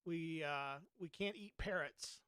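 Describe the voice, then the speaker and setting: A man's voice: a little high, slow pace, bright, forceful tone, clean tone, dry recording, studio quality. A man with a Southern Georgia accent, a podcast host giving casual gameplay commentary and telling a story, folksy and chatty with mild oaths. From Georgia, USA.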